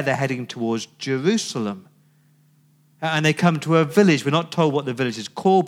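Male pastor preaching. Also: mid-range voice. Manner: conversational storytelling, rhetorical questions. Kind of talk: sermon.

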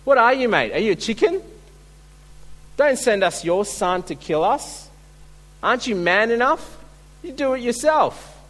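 A man's voice: very high-pitched, huge pitch swings, quick pace, few pauses, fairly bright tone, husky, big-room sound, voice pushed up, exaggerated voice. A man voicing a proud ancient king who taunts and challenges in a raised voice. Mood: taunting.

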